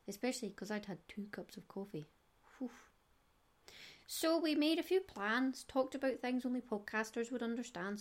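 A middle-aged Scottish woman hosting a knitting podcast, chatty and digressive with giggles. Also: a little high. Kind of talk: casual solo podcast chat.

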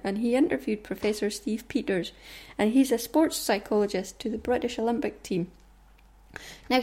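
A woman's voice: fairly high pitch, darkish tone. A woman hosting a podcast, chatting casually and self-mockingly to her listeners. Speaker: podcast host.

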